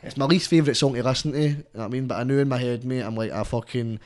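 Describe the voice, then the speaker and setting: A young Scottish man, a rapper, telling stories in a rambling, animated, sweary way during a casual podcast chat. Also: mid-range voice, racing. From Scotland. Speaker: rapper guest.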